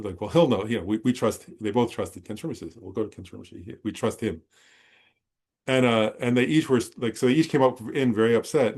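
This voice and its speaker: Conversational male Buddhist teacher, mid-pitched. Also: darkish tone. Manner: conversational, rambling, checks understanding with listeners. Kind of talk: dharma talk with personal storytelling.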